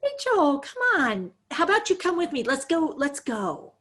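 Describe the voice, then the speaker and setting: A woman's voice: high voice, huge pitch swings, normal speed, a bit bright, voice pushed up, exaggerated voice. A woman voicing a patronizing female caregiver who uses gushing, sing-song baby talk.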